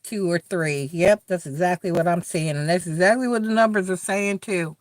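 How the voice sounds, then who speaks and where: Speaking at a normal speed in a lowish voice, a middle-aged live stream host gives a casual tarot chat with no room sound. She talks straight to her audience, chatty and blunt, with plenty of swearing.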